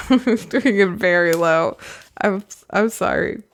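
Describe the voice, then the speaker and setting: A woman's voice: mid-range voice, takes it slowly, gravelly. A woman hosting a podcast, reading a novel aloud and breaking off with chatty, giggly asides. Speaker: podcast host.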